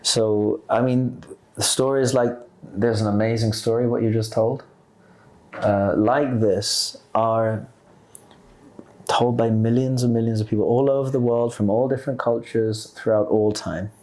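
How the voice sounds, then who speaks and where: A man as a podcast guest, earnestly explaining ideas about the soul, pausing and restarting as he thinks. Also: mid-range voice, fairly even intonation, darkish tone. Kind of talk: spiritual discussion.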